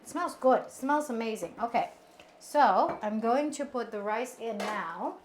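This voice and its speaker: A woman's voice: a little high, expressive, a little slow. A woman with an Australian accent cooking on a stream, joking and chatting with her co-host. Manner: playful, jokey. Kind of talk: casual chat while cooking. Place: small home kitchen. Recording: echoey kitchen with faint noise.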